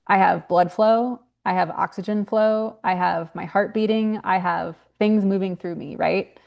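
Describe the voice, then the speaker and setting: A woman's voice: mid-range voice, fairly even intonation, a little slow, creaky, dull audio. A young woman, a grief consultant and author, talking earnestly in a podcast interview with frequent fillers and restarts. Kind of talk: podcast interview, casual conversation.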